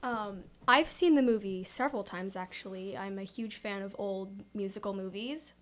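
A young woman talks about her role with eager energy. Her pitch is in the middle range. She sounds like a guest in a relaxed interview. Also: moderate pace. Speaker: cast member. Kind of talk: casual interview chat.

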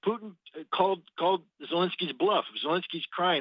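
A man's voice: high-pitched, fairly quick, no echo. A man speaks as a guest analyst in a radio interview. He is blunt and sardonic, and he often restarts his words. The mic is close and dry, and the sound is dull and lo-fi. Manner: blunt and sardonic, repeats words while finding them.

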